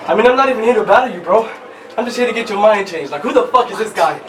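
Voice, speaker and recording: Battle rapper, man, high voice, distant mic, taunting and brash, shouts punchlines. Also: racing, background noise. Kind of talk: live battle rap verses. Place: live event venue. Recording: far from mic, loud crowd.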